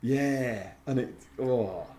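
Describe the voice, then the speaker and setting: A man's voice: mid-range voice, very slow, mellow. A man co-hosting a podcast in casual chat, often acting out quotes in put-on voices. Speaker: podcast co-host.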